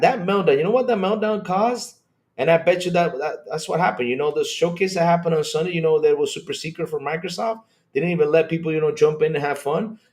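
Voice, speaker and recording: Man, stream host; rambling, excitable casual chat, raised pitch, very lively delivery. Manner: animated and rambling, swears when worked up. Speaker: podcast host reading live chat.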